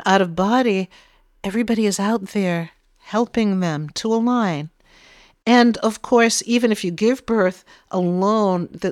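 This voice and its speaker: A woman spiritual medium leading a guided meditation in a gentle, soothing way. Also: medium pitch, dry recording, studio quality.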